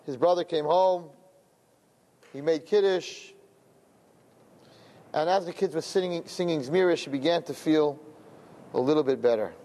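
A man's voice: on the high side, unhurried, pauses often, warm tone. A man telling a religious story to a gathering, often repeating phrases and glossing Hebrew terms in English. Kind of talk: storytelling talk.

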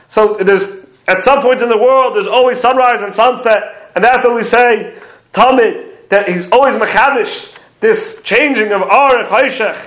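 Very high-pitched male Torah teacher, methodical explainer, roomy echo. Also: fairly bright tone. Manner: explains commentaries step by step, quoting Hebrew phrases. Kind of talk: prayer commentary lecture.

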